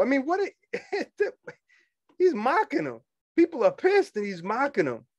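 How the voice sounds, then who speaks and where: A man, a union organizer talking casually to fellow members, animated and quick to laugh and scoff. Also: high voice, no room sound, studio quality. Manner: animated, laughs often, dismissive asides.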